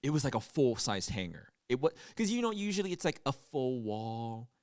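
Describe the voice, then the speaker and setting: A young man co-hosts a podcast in a mid-range, very animated voice at a normal pace, chatting casually, laughing often, and acting out quotes while retelling a trip. The studio sound is clean, with no echo.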